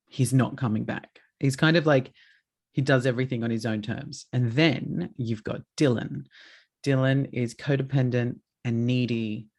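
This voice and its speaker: A man's voice: medium pitch, darkish tone. A young man hosting a podcast, chatting casually and acting out his dogs with swearing and put-on voices. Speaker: podcast host. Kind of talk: casual chat.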